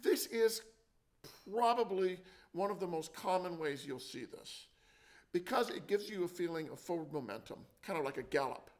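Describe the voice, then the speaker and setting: Man, drum teacher, higher-pitched voice, loud drums and clicks behind. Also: animated, moderate pace, noisy background. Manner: counting and vocalizing drum rhythms. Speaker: percussion teacher. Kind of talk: instructional demonstration.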